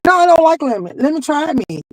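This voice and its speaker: A woman's voice: sits high, big pitch swings, quick pace, no room sound. A woman guest on a live stream, telling her side of a feud in a blunt, casual way. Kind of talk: casual chat.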